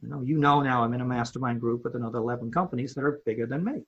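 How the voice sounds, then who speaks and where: Racing through a story in a podcast interview, a man who owns a home improvement company speaks in a mid-range, slightly rough voice. He's animated and keeps repeating words as he builds it up, and the audio has its highs cut off.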